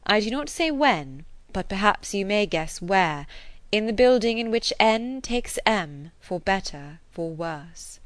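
A woman's voice: medium pitch, measured pace, no echo, close to an everyday voice. A woman voicing a playful, witty young woman who teases lightly, in an audiobook reading. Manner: teasing, lively.

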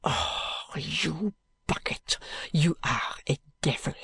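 A man's voice: fairly high pitch, slow, creaky, breathy edge, dry recording, exaggerated voice. A man putting on a furious maid. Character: fiery young French lady's maid, furious and scornful.

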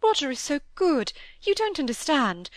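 A woman voicing a gentle middle-aged mother, plaintive and soft, tumbling on in distress. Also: sits high, big pitch swings, moderate pace, no echo, pitched above the performer's own voice. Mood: anxious. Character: tearful gentle middle-aged mother, anxious for her son.

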